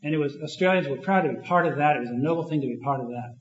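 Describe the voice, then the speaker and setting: Man, slightly high voice, halting academic lecturer, echoey and dull lo-fi room recording. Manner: thoughtful, halting, with many restarts and fillers.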